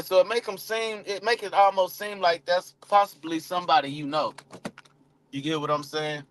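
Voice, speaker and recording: A man's voice: a little high, fairly even intonation, normal speed. A man coaching cold calling in a casual live chat, talking loosely with many restarts and acting out both sides of phone calls. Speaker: real estate coach.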